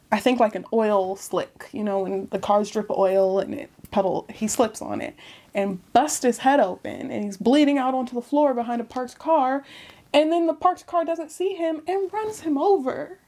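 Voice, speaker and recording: A talkative woman giving a casual book review straight to camera. Her voice sits a little high, and she keeps an animated, chatty flow with laughs between remarks. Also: a little slow.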